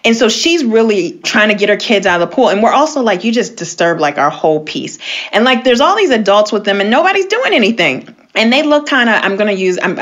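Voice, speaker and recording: A woman telling a personal story in casual conversation as a guest, animated, with many filler words and sudden upward swoops for emphasis. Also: medium pitch, highs cut off.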